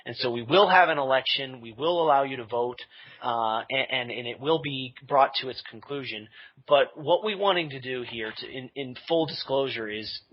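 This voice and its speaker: A man's voice: medium pitch, normal speed, highs cut off. A man talking casually in a podcast interview, rambling with fillers and restarts and laughing at himself. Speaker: podcast creator being interviewed.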